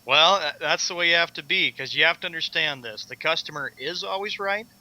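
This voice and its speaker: Bright-voiced radio co-host, man. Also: fairly high pitch, brisk, rough recording. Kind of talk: casual radio show chat.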